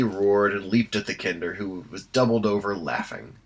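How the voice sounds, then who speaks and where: A man reading an audiobook aloud in a steady storytelling voice. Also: on the low side, normal speed, hardly any pauses, low-quality recording. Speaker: audiobook reader. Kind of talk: amateur audiobook narration.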